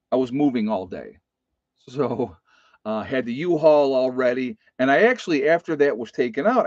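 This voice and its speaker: A man's voice: mid-range voice, a little mellow, dry recording. Male homesteader, rambling storyteller who keeps addressing his viewers, dry and slightly muffled home recording. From United States. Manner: rambling, repeats phrases, addresses folks directly. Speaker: homestead channel host. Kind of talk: casual personal storytelling to viewers.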